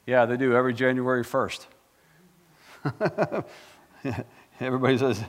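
A man preaching a sermon. He swings from loud exclaiming to hushed asides and keeps putting questions to the congregation. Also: mid-range voice, brisk, pauses often. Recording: long hall reverb.

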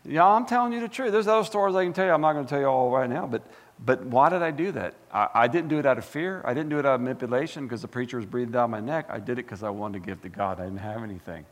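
A man preaching a sermon as pastor, fired up and animated, full of folksy asides and repeated words. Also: medium pitch, rapid-fire, big-room sound. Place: church sanctuary.

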